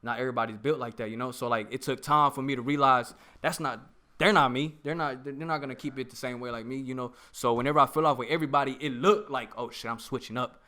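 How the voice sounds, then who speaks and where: A man's voice: mid-range voice, fairly even intonation, fast, pushed and bright. A young man from Oklahoma, a rapper guest in casual podcast chat, rambling in street slang with lots of "bro" and "like".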